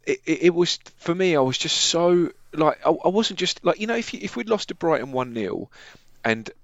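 A man's voice: fairly high pitch, expressive, moderate pace, vocal fry, no room sound. A man in his thirties, chatting casually as a podcast co-host, rambling with lots of restarts and fillers. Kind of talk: casual chat. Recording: muffled dry sound.

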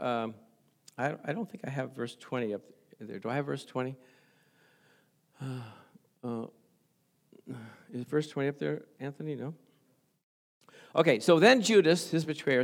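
A middle-aged man preaching in an easy, conversational way, often breaking into chuckles and affirmations. His voice sits a little higher than most men's. He sounds like a pastor talking directly to his congregation. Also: a bit bright. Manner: conversational preaching with frequent laughs and "praise the Lord". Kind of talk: sermon.

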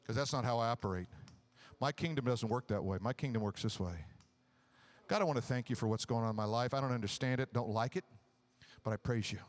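A man preaching a sermon, drawing the congregation into call-and-response and acting out the lines of the people in his stories. He swings from loud exclamations down to low, quiet murmurs. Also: expressive, fast talker.

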